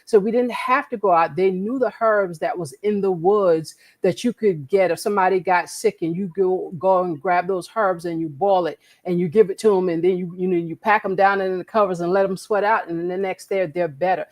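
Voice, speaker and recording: A woman's voice: on the low side, steady tone, fairly quick, few pauses. A woman co-hosting a podcast, talking in an earnest, preachy way and repeating words as she makes her point. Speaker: podcast co-host. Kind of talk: casual conversation.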